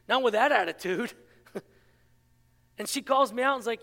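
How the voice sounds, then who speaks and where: A married adult pastor gives an impassioned sermon in a bright, forceful, strikingly high voice with vocal fry, moderate pacing, and long pauses. The sound carries a long reverb like a large church hall, and he mixes rhetorical questions with self-mocking jokes and laughter.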